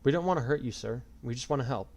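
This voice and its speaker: A man voicing a gentle, innocent winged young girl in a soft, raised voice. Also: mid-range voice, quick pace, close to an everyday voice.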